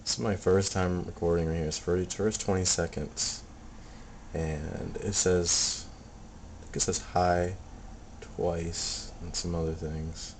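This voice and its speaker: A man casually talking through his recordings, soft-spoken and hesitant, full of ums and restarts. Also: sits low, steady tone, measured pace, slight background noise. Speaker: paranormal hobbyist playing back recordings. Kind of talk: casual video commentary.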